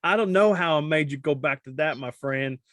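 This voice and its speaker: A man's voice: on the high side, brisk, a bit bright, no echo, clean studio sound. Stumbling, joking man hosting a podcast. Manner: stumbles over words, jokey. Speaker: podcast host. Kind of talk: casual chat.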